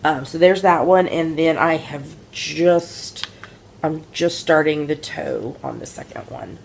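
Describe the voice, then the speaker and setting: Low gravelly woman chatting. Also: takes it slowly, slight background noise. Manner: chatty, rambling storyteller with many fillers. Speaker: podcast co-host, mother. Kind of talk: casual chat about knitting.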